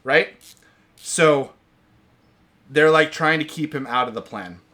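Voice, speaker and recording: Bright-voiced man ranting about a movie. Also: on the high side, slow. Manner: ranting, exasperated and sarcastic. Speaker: podcast host reviewing movies. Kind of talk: casual chat.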